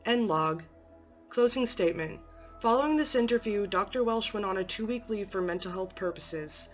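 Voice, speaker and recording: A woman narrating a horror story in an even, matter-of-fact reading. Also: medium pitch, normal speed, soft background music.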